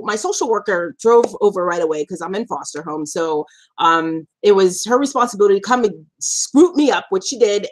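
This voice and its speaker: Animated woman telling a story on a live stream. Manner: animated, laughs often, acts out quotes with big pitch jumps. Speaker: survivor advocate and live stream host.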